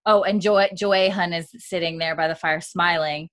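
Low-pitched woman recapping with many fillers. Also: fairly even intonation, moderate pace. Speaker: podcast co-host recapping a TV episode. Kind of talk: casual chat.

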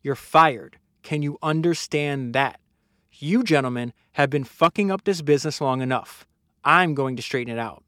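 A man's voice: fairly high pitch, moderate pace, sharp tone, clear, resonant tone, no echo. Casting note: a man doing a curt, impatient older businessman, dry close sound. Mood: defiant. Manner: curt, commanding quotes.

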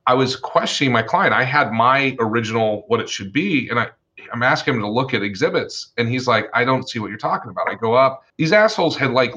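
A man who works as an attorney, telling stories from his career in a casual, animated way, swearing freely and acting out the people he quotes. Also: mid-range voice, highs cut off. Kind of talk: casual storytelling chat.

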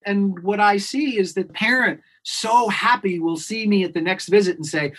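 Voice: mid-range voice, normal speed, few pauses, a bit bright, slightly rough. A clinician guest in an interview, explaining earnestly and emphatically and repeating key points. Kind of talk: expert explaining on a podcast interview.

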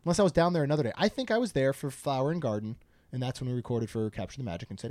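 A man's voice: medium pitch, racing, a little mellow, dry recording. A man co-hosting a casual podcast, chatting and joking while reading out a food menu. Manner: chatty, jokey, reads menu items aloud. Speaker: podcast co-host.

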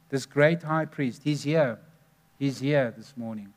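Male preacher, slightly high voice, earnest storytelling. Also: measured pace. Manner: earnest storytelling, stressing numbered points. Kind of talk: sermon.

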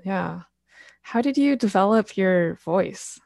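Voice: medium pitch, animated, slow pace, gravelly, a little mellow, no room sound, studio quality. A podcast host interviewing a guest in a casual, encouraging way. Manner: encouraging, frequent backchannel and laughter.

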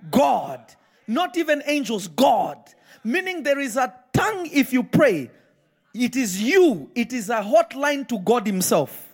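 Guy preaching live in church, high voice that jumps all over, keeps hammering questions at the crowd. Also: very animated, measured pace, breathy edge. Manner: emphatic, repeats questions to the congregation. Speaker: pastor. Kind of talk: live sermon.

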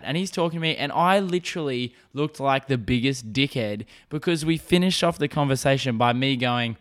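Brief: young Aussie podcast host, resonant mid-pitched voice, casual swearing storyteller who laughs at himself. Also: male voice, a little fast, hardly any pauses, fairly bright tone. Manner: rambling, profane, self-mocking.

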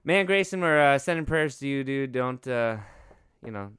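Rambling jokey man with a lively voice. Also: medium pitch, normal speed, clear, resonant tone, no echo. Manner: rambling, jokey, lots of fillers and restarts. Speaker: podcast co-host. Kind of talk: casual podcast banter.

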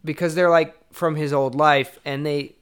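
Smooth-voiced man chatting about a film. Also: a little high, moderate pace. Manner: relaxed, hesitant, restarts phrases. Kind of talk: casual film discussion.

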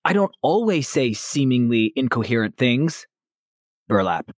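A narrator doing a lively oddball eccentric. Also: medium pitch, measured pace, dry recording, clean studio sound. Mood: quirky. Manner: rambling non sequiturs.

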